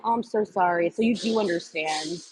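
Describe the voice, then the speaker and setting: A woman's voice: lowish voice, normal speed, darkish tone, a little hiss or hum, low-quality recording. A woman hosting a casual livestream, rambling from topic to topic with lots of fillers and answering viewer comments as she goes. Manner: scattered, trails off with many fillers. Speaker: livestream host.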